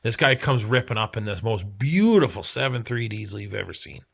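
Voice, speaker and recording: A man's voice: fairly low pitch, lively intonation, brisk, creaky, a bit bright, breathy edge. A man from Canada telling a rambling, profane story in a casual vlog, acting out the people he quotes. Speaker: vlogger.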